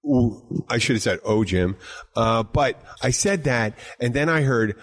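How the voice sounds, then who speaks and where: A man hosting a casual bar-talk podcast. He tells stories in an animated, rambling way and often restarts his sentences. His voice sits at a middling pitch. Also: measured pace. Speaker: podcast host and bartender.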